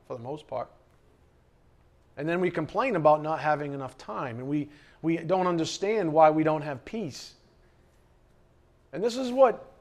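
Emphatic pastor preaching. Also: male voice, on the high side. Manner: emphatic, repeats key phrases, asks rhetorical questions. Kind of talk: sermon. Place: church, behind the pulpit.

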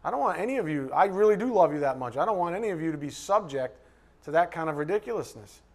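Male Bible teacher, slightly high-pitched, conversational and joking with emphatic bursts. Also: expressive, fast talker. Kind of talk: sermon.

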